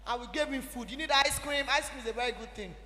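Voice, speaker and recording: High, bright-voiced Nigerian woman preacher. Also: fast talker. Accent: Nigerian English. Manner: animated, emphatic, exhorting the audience. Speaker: church speaker. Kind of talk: teaching talk at a church event. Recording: echoey hall with faint music.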